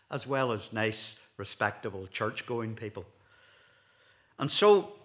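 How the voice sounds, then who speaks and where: A middle-aged Scottish minister delivers a sermon with a bright, forward tone. His pitch rises and falls widely as he tells stories. He acts out the voices of the people in his anecdotes. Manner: animated storytelling, acting out voices in anecdotes.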